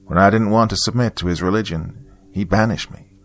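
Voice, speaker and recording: A man voicing a bitter, secretive estranged mother with a raspy voice, scornful and urgent. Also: on the low side, a little fast, close to an everyday voice.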